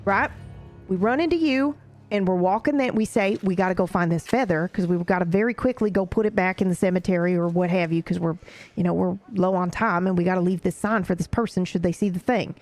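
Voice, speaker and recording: A woman's voice: on the low side, a little fast, a little mellow, no room sound, faint music behind. A woman recapping events in character during a roleplay session, rambling and swearing casually as she tells the story.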